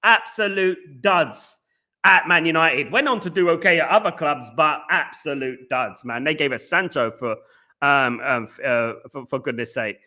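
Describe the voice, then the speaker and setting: Bright-voiced ranting football fan host. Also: male voice, fairly high pitch, moderate pace. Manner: ranting, exasperated, repeats himself. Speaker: fan channel host reading live chat. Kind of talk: casual live-stream chat.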